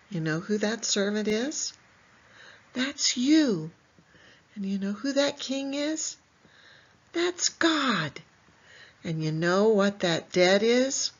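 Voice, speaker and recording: A woman teaching a Bible lesson to young children in an animated way, asking them questions and answering them herself. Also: mid-range voice, breathy edge, dull audio.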